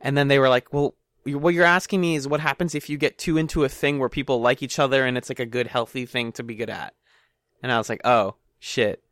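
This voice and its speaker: A man hosts a podcast segment in relaxed conversation. He tells self-deprecating stories and laughs easily. The recording is dry and close. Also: mid-range voice, a little fast, no room sound. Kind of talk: casual interview chat.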